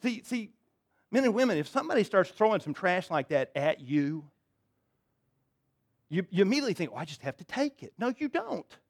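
A man's voice: high-pitched, very animated, brisk, pauses often. A man preaching a sermon to his congregation in a church, in a conversational, folksy way with frequent restarts and asides. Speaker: pastor. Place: church sanctuary.

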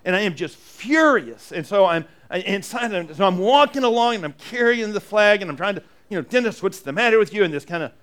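A man preaching a sermon, telling a personal story with animated, restart-heavy delivery. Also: sits high, brisk, few pauses. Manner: animated storytelling, acts out inner dialogue; many restarts and repeated "and". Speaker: pastor.

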